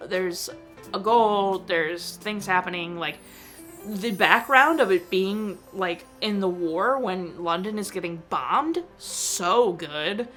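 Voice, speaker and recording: A woman's voice: medium pitch, slow, fairly bright tone, soft background music. A young woman vlogger chatting casually about a film she watched, full of fillers and emotional asides. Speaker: movie review vlogger. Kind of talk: casual chat.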